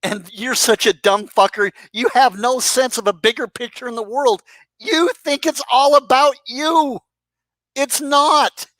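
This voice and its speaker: A man's voice: very high-pitched, fairly even intonation, a little slow, a bit bright, dry recording. Guy ranting and roasting some youtuber, swears a ton, sarcastic, dry close mic, nothing on the room. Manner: mocking, sarcastic, heavy swearing. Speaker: commentary YouTuber. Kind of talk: profane roast rant.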